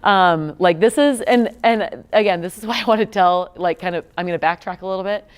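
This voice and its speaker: A woman's voice: lowish voice, fairly quick, clear, resonant tone. A woman in her thirties giving a talk to students, telling stories in a chatty way with many fillers and restarts. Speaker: guest speaker, nonprofit co-founder. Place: lecture room.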